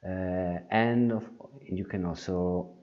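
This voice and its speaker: Slow, deep-voiced man with many fillers. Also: fairly even intonation, muffled recording. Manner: hesitant, many fillers and restarts. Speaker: software tutorial presenter. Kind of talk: screen-recorded software walkthrough.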